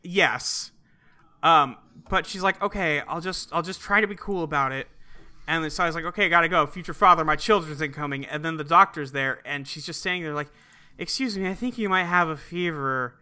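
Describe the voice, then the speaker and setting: High bright-voiced man retelling a movie. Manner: retells scenes, acting out lines in quick put-on voices. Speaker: podcast co-host recapping a film. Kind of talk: casual chat.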